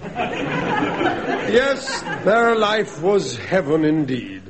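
A man's voice: a little high, animated, unhurried, a loud crowd, very noisy. A man narrating a comedy sketch and playing the girl's father, hammy and mock-dramatic.

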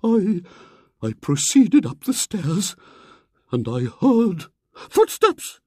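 A narrator voicing a pompous middle-aged spinster psychic who declaims in a quavering, theatrical way. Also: female voice, mid-range voice, very animated, drawn-out words, darkish tone, slightly rough, dry recording, studio quality, voice pushed up, exaggerated voice. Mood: melodramatic. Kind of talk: audiobook character voice.

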